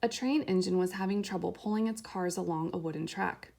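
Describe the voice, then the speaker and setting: A woman reading a children's picture book aloud in a gentle, soft, unhurried way. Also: on the low side, vocal fry. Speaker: storyteller.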